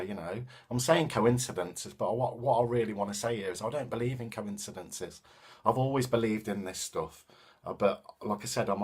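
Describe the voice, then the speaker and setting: A man with a Coventry accent, speaking in a casual, reflective way with frequent hesitations and restarts. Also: fairly low pitch. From England. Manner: thoughtful, hesitant with many ums and restarts. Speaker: vlogger and self-defense teacher.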